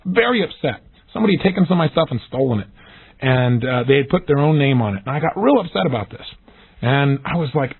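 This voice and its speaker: A man giving an energetic recorded self-help lesson, acting out the questions he describes in lively voices. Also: medium pitch, breathy edge. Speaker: motivational speaker. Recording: tinny phone-like audio.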